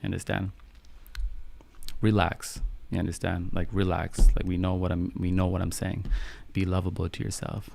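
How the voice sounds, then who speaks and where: A young man hosting a live-stream podcast, calm and soft-spoken, chatting with viewers in an unhurried way. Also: sits low, vocal fry, slight background noise. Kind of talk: casual live-stream chat, answering viewer questions.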